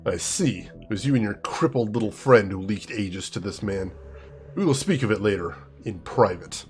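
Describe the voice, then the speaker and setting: A man voicing a cold, stern older male executive who talks low, quiet and clipped. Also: lively intonation, normal speed. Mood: icy.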